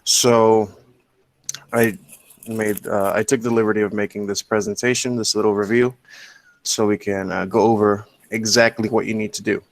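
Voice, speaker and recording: A man's voice: on the low side, little pitch movement, moderate pace. A man teaching an online English class, explaining step by step in a patient way and often checking in with "okay?". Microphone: computer mic on a video call.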